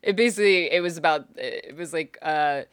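A woman's voice: low voice, a little fast, clean tone, no echo, clean studio sound. A woman in casual podcast chat who tells rambling stories and laughs often.

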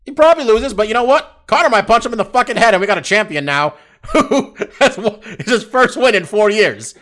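Guy ranting on a sports podcast, high voice, swings all over, swears a lot. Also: a little fast. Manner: animated, profane ranting with laughs. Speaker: podcast co-host. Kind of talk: casual sports chat.

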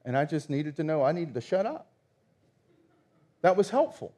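A man in his thirties preaching a sermon, telling stories with lively acted-out dialogue. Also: a little high, normal speed. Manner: animated storytelling, acts out quoted dialogue. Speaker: pastor.

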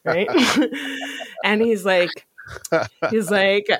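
A podcast host telling a story in casual chat, animated and profane, often laughing. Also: mid-range voice, drawn-out words, dry recording.

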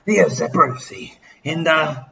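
A man's voice: fairly high pitch, slow, gravelly, bright, forceful tone. Aussie bloke in his 50s, half pissed, swearing his way through a rant, kinda dull lo-fi sound. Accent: Australian. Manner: crude, rambling, heavy swearing. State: tipsy. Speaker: podcast host. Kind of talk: boozy comic rant. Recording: slightly dull with faint noise.

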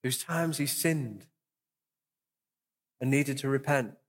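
A young man preaches as a pastor in a church hall, his mid-pitched voice carried by a long, lingering reverb. He is earnest and encouraging and repeats key phrases for emphasis. He leads the room in prayer in the same steady sermon manner. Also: takes it slowly.

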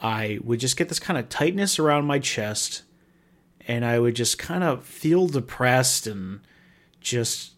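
A podcast host speaks solo in a rambling, loose monologue, poking fun at himself with wry humor and dropping casual swears. His voice is ordinary in pitch with a fairly bright tone.

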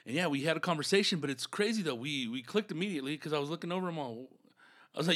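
A man's voice: on the high side, expressive, fast, a bit bright. A man who works as a comedian, from Southern California, telling stories in a laid-back, slangy way full of fillers. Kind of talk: casual storytelling chat.

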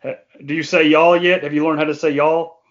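A Kentucky man hosts a podcast in a chatty, joking manner. His voice sits a little high, and the audio is muffled and lo-fi. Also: level tone, fairly quick. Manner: jokey and chatty. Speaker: podcast host. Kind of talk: casual interview.

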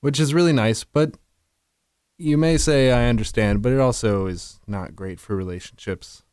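A man's voice: medium pitch, animated, moderate pace, darkish tone, smooth, no room sound, clean studio sound. A man co-hosting a podcast, talking candidly and self-deprecatingly with crude jokes. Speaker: podcast co-host. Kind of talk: casual chat.

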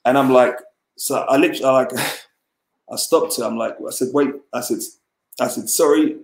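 A man's voice: mid-range voice, moderate pace, gravelly. A man casually telling a long personal story as a podcast guest, rambling, with lots of fillers and restarts. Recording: roomy echo.

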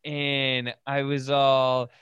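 A man's voice: mid-range voice, monotone, very slow, fairly bright tone, clear, resonant tone, dry recording, dull audio. A man hosting a casual podcast, telling a long story with lots of fillers and swearing. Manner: rambling, swears often, frequent "like" fillers. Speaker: podcast host.

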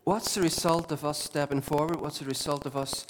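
A man preaches a sermon in a church hall, his voice sitting a little higher than most men's. He builds with impassioned repetition, then drops to quiet asides. A faint hiss runs underneath. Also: steady tone, fairly quick. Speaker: lead pastor.

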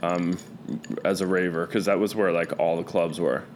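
A man with a lowish voice spins rambling, profane stories in casual conversation. He strings thoughts together with lots of fillers and restarts. A faint hiss sits under the recording. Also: steady tone, normal speed. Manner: rambling storyteller, loose and profane, many fillers. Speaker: guest. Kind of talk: casual chat.

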